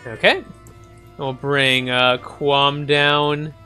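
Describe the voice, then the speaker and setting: A man's voice: medium pitch, flat delivery, drawn-out words, pushed and bright, soft background music. A man casually commenting on a strategy game as he plays, thinking aloud with frequent ums and small chuckles. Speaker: gaming channel host. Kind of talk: casual let's-play commentary.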